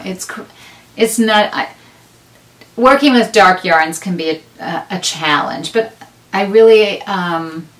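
On her knitting podcast, a middle-aged woman chats loosely to camera, meandering and throwing in self-deprecating comments. Her voice runs low and a bit bright. Recorded from a distance, the sound is roomy and slightly off mic.

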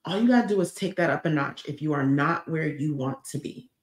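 Woman, live-stream host, motivational talk, slightly low voice, roomy echoey room. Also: a little fast. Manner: emphatic, lively and outspoken. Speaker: livestream host. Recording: roomy echo.

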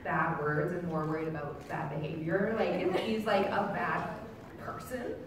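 A woman's voice: lowish voice, normal speed. A woman guest on a convention panel, chatting casually and telling blunt, laughing stories. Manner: lively, laughing, blunt storytelling. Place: large convention hall. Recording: echoey convention hall from far off, crowd noise.

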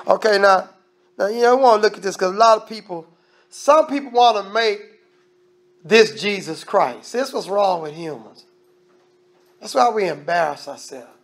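A man's voice: high-pitched, vocal fry. A man preaching a sermon as minister, emphatic and conversational, often restarting his sentences. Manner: preaching with emphatic, shifting loudness.

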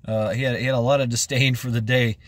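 A man's voice: mid-range voice, fairly even intonation, fast, dry recording. A man vlogging in a casual, rambling monologue, chuckling often and restarting his sentences with many fillers.

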